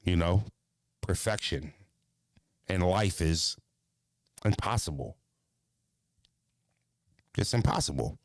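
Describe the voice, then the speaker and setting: A man hosting a casual podcast, ranting bluntly with profanity, jumping into animated voices and stuttering restarts. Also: sits low, takes it slowly, long pauses, no room sound. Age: adult. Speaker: podcast host.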